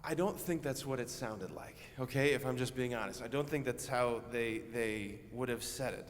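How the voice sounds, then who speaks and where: A Catholic priest preaching a homily in a conversational, earnest way, telling a story vividly. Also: male voice, mid-range voice, moderate pace, in a large hall, slight background noise.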